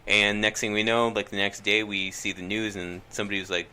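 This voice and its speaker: A man's voice: fairly low pitch, little pitch movement, a little fast, hardly any pauses, bright, forceful tone, clear, resonant tone. A young man telling a story in a casual podcast chat, hesitant with many ums and restarts.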